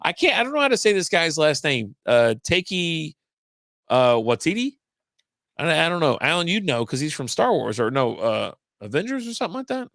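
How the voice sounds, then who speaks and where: A man's voice: fairly high pitch, very animated, moderate pace, gravelly, fairly bright tone, no echo, clean studio sound. A man co-hosting a casual podcast who talks in a loose, rambling way and swears freely. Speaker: podcast co-host. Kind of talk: casual chat.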